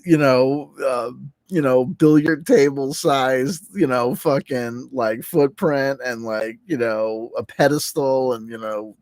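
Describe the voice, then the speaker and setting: A man's voice: medium pitch, slow, darkish tone, no echo. A man casually telling a rambling, profane story on a livestream, full of restarts and fillers and laughing as he goes. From New Jersey. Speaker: livestream host.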